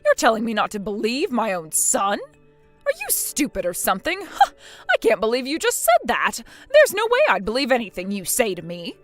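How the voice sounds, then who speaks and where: A woman's voice: a little high, wildly swooping pitch, moderate pace, faint music behind. A woman voicing a bossy, scornful middle-aged mother-in-law in a text-message drama, harsh and scolding.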